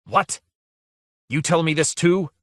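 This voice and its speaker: Guy doing a furious shouty lord, frantic, barking orders in a storybook. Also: on the high side, takes it slowly, no echo, clean studio sound, pitched above the performer's own voice. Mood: commanding. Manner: shouting commands, overwrought. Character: wrathful lordly male warlord, frantic.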